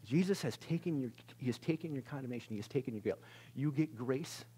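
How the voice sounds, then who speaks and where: A male pastor giving a conversational sermon in a church service, swinging from loud exclamations to hushed near-whispers and laughing at himself. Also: mid-range voice, fast, slightly rough.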